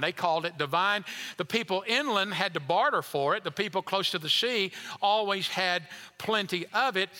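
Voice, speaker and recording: Pastor, man, bright tone, emphatic sermon delivery, reverberant church hall. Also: sits high. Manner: emphatic, repetitive preaching with rising intensity.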